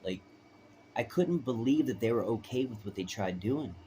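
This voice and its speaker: A man's voice: medium pitch, animated, moderate pace, mellow, slight background noise. A man telling his own story in a rambling, emphatic way, often asking "right?". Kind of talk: personal storytelling.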